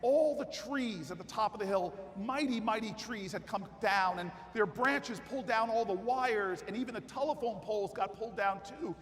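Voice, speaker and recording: A man giving a keynote speech at a political convention, telling a story that builds into shouted rally calls. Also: high-pitched, moderate pace, few pauses. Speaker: keynote speaker. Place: large convention hall. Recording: long hall reverb with faint crowd.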